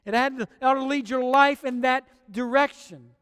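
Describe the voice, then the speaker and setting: A male pastor preaching a fervent sermon, slowing down and swelling on key phrases. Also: very high voice, a bit bright, smooth, big-room sound. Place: church sanctuary.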